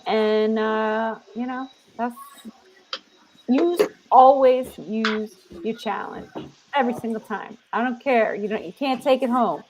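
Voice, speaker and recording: A woman's voice: fairly high pitch, takes it slowly, background noise. A woman co-hosting a casual basketball podcast, giving blunt opinions and teasing the others. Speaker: podcast co-host. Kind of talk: casual sports chat.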